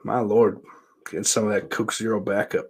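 A man's voice: on the low side, fairly even intonation, normal speed, slightly rough. A man hosting his own show, talking in a loose, rambling, profanity-heavy monologue. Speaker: podcast host.

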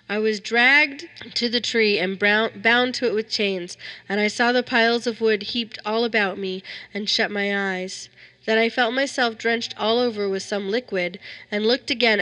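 A woman reading a dark story aloud in steady, measured narration. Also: medium pitch. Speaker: story reader. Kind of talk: scripted narration of a horror story.

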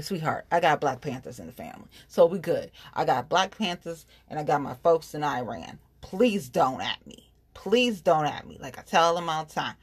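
A woman's voice: sits low, no echo. A woman vents to her listeners in a casual, blunt rant full of slang and profanity. The sound is dry and close, with no room around it.

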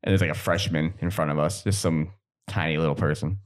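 A young man with a very deep voice chats casually, speaking a little fast and telling animated stories punctuated by bursts of laughter.

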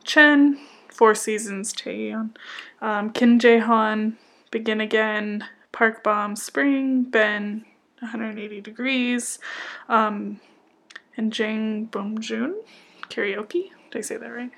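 A woman's voice: fairly high pitch, steady tone, slow, creaky, fairly bright tone. A woman co-hosting a casual chat, reading nominees and joking at her own stumbles over names. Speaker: co-host. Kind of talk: casual chat about music awards.

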